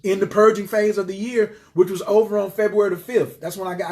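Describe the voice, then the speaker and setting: Animated, preachy man livestreaming to viewers. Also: high-pitched, brisk, over music. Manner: animated, preachy, swears freely, shifts between loud outbursts and quiet murmurs. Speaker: livestream host. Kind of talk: casual live-stream talk to viewers.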